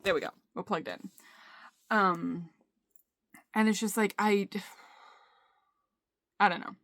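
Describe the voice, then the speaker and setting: A young woman recording a candid personal video diary on her phone, talking haltingly with many fillers and restarts. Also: mid-range voice, fairly bright tone. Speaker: vlogger. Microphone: phone camera.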